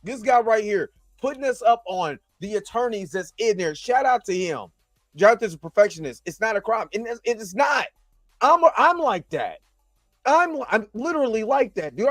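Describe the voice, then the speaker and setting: A man hosting a casual live-stream commentary show, talking straight to his viewers with slang and quick asides. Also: high-pitched, no room sound, clean studio sound. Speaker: YouTube commentary host. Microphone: laptop recording setup.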